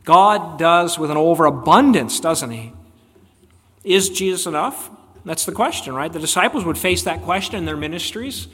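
A man's voice: on the high side, lively intonation, normal speed, a bit bright. A man preaching a sermon as a pastor, emphatic and fond of rhetorical questions put to his congregation. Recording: long hall reverb.

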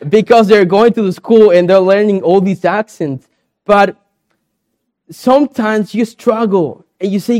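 A man's voice: sits high, takes it slowly, dark tone. A man from South America, a pastor preaching a sermon in earnest, repeated phrases, with a young daughter.

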